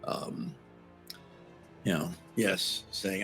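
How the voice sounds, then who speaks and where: A man playing a tabletop game, with a low, gravelly voice. He talks slowly and haltingly. Soft music sits under him. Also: lively intonation. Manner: hesitant, halting. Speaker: player. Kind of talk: casual tabletop play.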